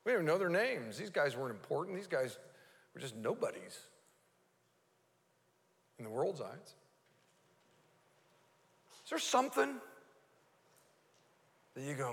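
A man's voice: a little high, sing-song, measured pace, vocal fry, pauses often. A male pastor preaching a live sermon, earnest and often restarting his words. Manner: earnest, with repeated stammered restarts. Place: church sanctuary. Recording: reverberant church hall.

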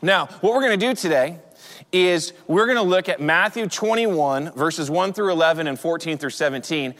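A man's voice: fairly high pitch, moderate pace, a bit bright. A man in his forties preaching a sermon as pastor, telling stories in a conversational way with frequent restarts. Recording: long hall reverb.

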